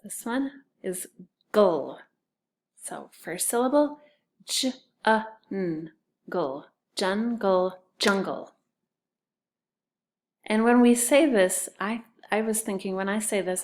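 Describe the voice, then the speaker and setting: A woman teaching children phonics at a slow, patient pace. She sounds out syllables and spells each word letter by letter. Her voice sits at an ordinary middle pitch. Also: darkish tone. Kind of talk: recorded phonics lesson for children.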